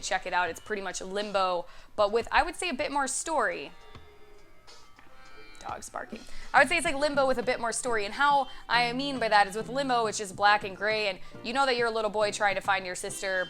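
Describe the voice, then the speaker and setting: A woman's voice: mid-range voice, a bit bright. A young woman chatting casually to camera as a vlogger, swearing freely and laughing as she tells stories. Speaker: YouTube vlogger.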